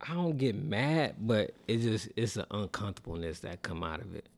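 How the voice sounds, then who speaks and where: Animated, gravelly man chatting casually. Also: fairly low pitch, normal speed. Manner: animated storyteller, acts out quotes, bursts of laughter. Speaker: podcast co-host. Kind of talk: casual chat.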